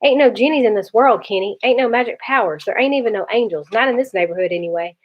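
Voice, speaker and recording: A woman reading aloud, voicing a gruff older teenage brother who is blunt but protective. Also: on the high side, fast talker, faint music behind, natural voice. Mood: scolding. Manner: blunt, scolding. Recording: dull lo-fi recording.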